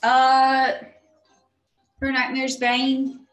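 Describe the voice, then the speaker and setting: A woman's voice: high-pitched, completely flat delivery, very slow, a bit bright. A woman playing in a tabletop game, thinking aloud and hesitating as she adds up her dice. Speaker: player. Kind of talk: casual tabletop game play. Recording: roomy echo.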